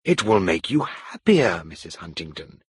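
A pushy gentleman suitor who presses his case slowly and earnestly, as a man acts him out. His voice is deep and very husky, and the recording is dry and close, like a storybook. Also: very animated, no echo, full character voice. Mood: pleading.

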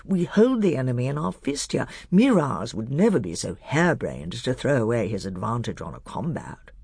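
A man's voice: mid-range voice, sing-song, moderate pace, gravelly, darkish tone, breathy edge, dry recording, studio quality, heavily acted. A man doing a sly, cautious lord. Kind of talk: audiobook character voice.

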